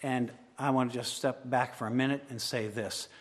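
A man preaching a sermon as pastor, swinging between loud emphatic declarations and quiet, intimate asides. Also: mid-range voice, fairly even intonation, normal speed. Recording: long hall reverb.

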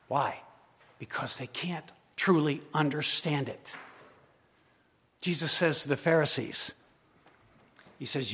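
Emphatic preacher in a reverberant hall. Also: male voice, fairly high pitch, animated, takes it slowly, pauses often, husky. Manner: swings from loud emphatic declarations to quiet intimate asides. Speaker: pastor. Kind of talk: sermon.

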